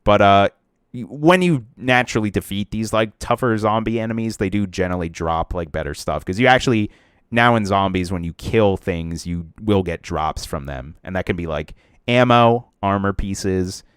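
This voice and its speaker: A man's voice: on the low side, normal speed, smooth, no room sound, studio quality. A young man co-hosting a casual podcast about video games, rambling with lots of fillers and restarts. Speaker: podcast co-host.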